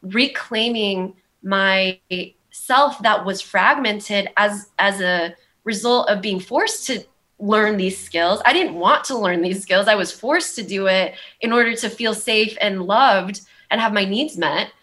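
A woman's voice: mid-range voice, takes it slowly, sharp tone. A young woman with a Valley girl accent, telling her story in a rambling, candid way, full of "like" and "um". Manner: rambling, heavy use of "like" and "um". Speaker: guest.

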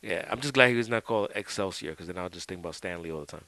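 Casual male podcast host; bright, smooth, dry close-mic sound, easygoing and profane. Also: sits low, rapid-fire, dry recording, rough recording. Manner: laid-back, swears freely, lots of "like" and "dude". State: drinking while talking. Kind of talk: casual chat.

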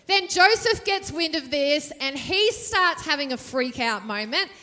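Woman pastor, jokey and conversational, high voice, reverberant hall sound. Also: animated, measured pace, bright, forceful tone. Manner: chatty and jokey, asks the audience questions. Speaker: preacher. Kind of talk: sermon. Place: church stage.

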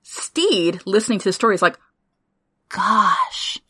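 Animated woman chatting about a show. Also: medium pitch. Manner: animated, swearing, quick asides. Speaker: podcast co-host. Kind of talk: casual chat recapping a TV show.

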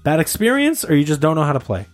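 A man co-hosting a casual chat, telling a story in an animated, laughing way. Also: fairly high pitch, quick pace, soft background music.

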